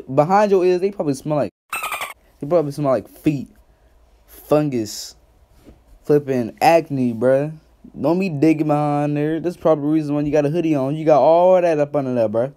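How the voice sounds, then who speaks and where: A man's voice: fairly high pitch, mellow. A man doing reaction commentary, roasting another creator in loose slang and laughing often.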